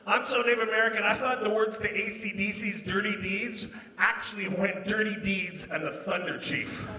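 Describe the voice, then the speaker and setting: A man from Canada doing a stand-up comedy set, breaking into loud sung and acted bits. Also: sits high, steady tone, moderate pace. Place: large casino showroom with a live audience. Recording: echoey live hall, crowd. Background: audience laughter.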